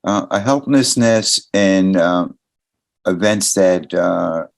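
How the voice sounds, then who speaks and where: A man in the audience speaking very slowly, his voice very deep with a gravelly fry. He halts often and fills the gaps with hesitant fillers. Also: rough recording. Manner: halting, many pauses and fillers. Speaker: audience member sharing.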